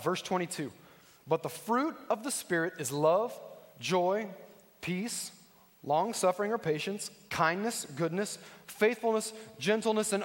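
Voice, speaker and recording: A man's voice: sits high, big-room sound. A man preaching a sermon as a pastor, emphatic and repetitive, moving from teaching to storytelling. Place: church sanctuary.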